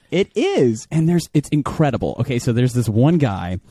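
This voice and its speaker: A young man co-hosting a casual podcast, telling stories excitedly and acting out quotes. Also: mid-range voice, moderate pace, slightly rough, no echo, clean studio sound. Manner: excitable, storytelling with quoted voices. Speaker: podcast co-host.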